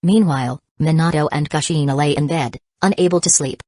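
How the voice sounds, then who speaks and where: A woman narrating an audiobook in an even, steady reading. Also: deep voice, fairly quick, few pauses, dry recording.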